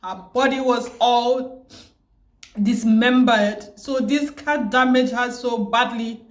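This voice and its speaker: A tearful, grieving woman who keeps repeating herself and pausing, vlogging about her loss. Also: fairly high pitch, fairly even intonation, reverberant. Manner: grieving, repetitive, pausing often. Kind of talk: emotional personal vlog.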